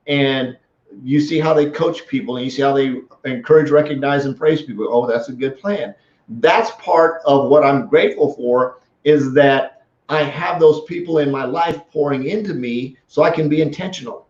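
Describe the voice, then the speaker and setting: A man hosting a casual live stream, telling stories in an animated way and often restarting his sentences. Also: on the high side, moderate pace. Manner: animated storytelling with many restarts. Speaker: host. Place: small office room. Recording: echoey room, dull lo-fi sound.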